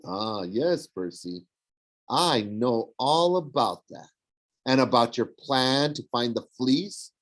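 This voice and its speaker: A man's voice: mid-range voice, animated, takes it slowly, fairly bright tone, rough recording. A man voicing a smug, sneering young villain who mocks and tempts. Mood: mocking. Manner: sneering, mocking. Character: smug young male villain, mocking and persuasive.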